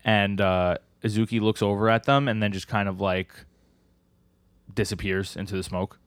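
A man's voice: on the low side, little pitch movement, moderate pace, clear, resonant tone, no room sound. A man co-hosting a podcast, casually retelling manga chapters and acting out the characters' lines as he goes. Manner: rambling, acts out character lines while retelling. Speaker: podcast co-host.

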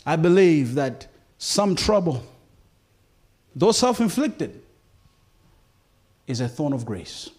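A man's voice: fairly high pitch, big pitch swings, slow, pauses often, darkish tone. A male preacher giving a sermon, pleading with the congregation and often checking in with them. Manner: impassioned, pleading, often asks "you feel me?".

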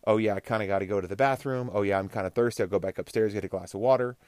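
A man's voice: on the low side, racing, a little mellow, dry recording, close to an everyday voice. A man acting out a distracted procrastinating version of himself, mumbling an aimless inner monologue. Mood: dithering.

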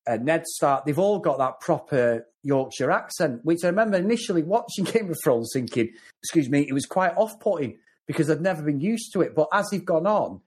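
A man's voice: fairly high pitch, lively intonation, fairly quick, a little mellow, slightly rough. A man with a Mancunian accent from the north of England, co-hosting a casual film review podcast and talking in long, rambling runs with repeated words. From North West England. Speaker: podcast co-host.

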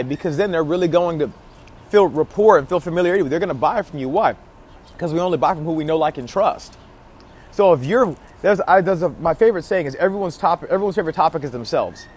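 A man talking to his viewers in a casual vlog about marketing, emphatic, with key phrases repeated and frequent restarts. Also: fairly high pitch. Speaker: marketing vlogger. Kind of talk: casual marketing advice talk to camera.

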